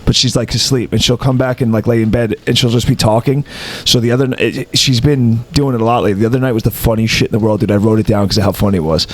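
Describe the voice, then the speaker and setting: Casting: New York guy, podcast co-host, lively storyteller, middle pitch. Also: rapid-fire, few pauses. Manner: animated storyteller, acts out quotes. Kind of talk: casual chat.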